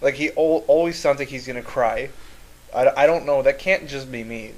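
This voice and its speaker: A man's voice: mid-range voice, moderate pace, darkish tone, rough recording. Hesitant young man, casual podcast chat. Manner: hesitant, hedging with "I don't know". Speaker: podcast co-host. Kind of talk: casual live-stream Q&A chat.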